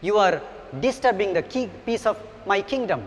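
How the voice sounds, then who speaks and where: A proud, angry lion who rules the jungle scolds loudly, read out by a man. The voice is high-pitched. A long echoing reverb trails each line. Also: brisk, close to an everyday voice. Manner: loud, indignant scolding.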